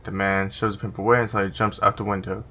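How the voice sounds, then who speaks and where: Bright-voiced, profane gaming commentator. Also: male voice, lowish voice, level tone, fast, a little hiss or hum. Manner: profane, reads game text aloud, sarcastic asides. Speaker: gaming YouTuber.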